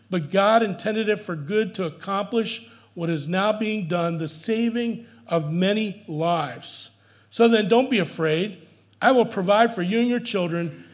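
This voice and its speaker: A man with a notably high voice delivers a sermon as pastor. He preaches earnestly and with emphasis, often repeating a key line for weight. The delivery is steady and pastoral.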